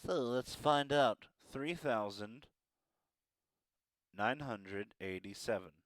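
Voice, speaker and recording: A man's voice: mid-range voice, takes it slowly, no room sound. A man teaching a math lesson, encouraging and playful with joking asides.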